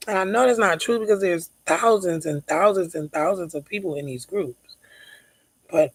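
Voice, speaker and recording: A woman's voice: on the low side, husky, no echo, poor audio. A woman vlogging as a mother. She talks in an emphatic, venting way, repeats words for stress and sometimes drops to near-whispers. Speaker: mother vlogging about her child's diabetes. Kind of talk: casual venting vlog.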